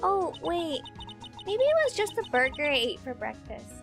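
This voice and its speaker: A woman voicing a cheerful young female sidekick with dramatic, excitable outbursts. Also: sits high, normal speed, creaky, soft background music, full character voice.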